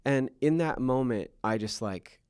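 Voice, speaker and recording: A man's voice: medium pitch, a little slow, darkish tone, clean tone, no echo, studio quality. A man in his thirties hosting a podcast, telling personal stories openly with many fillers. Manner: open, self-revealing storyteller with frequent fillers. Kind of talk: candid podcast conversation.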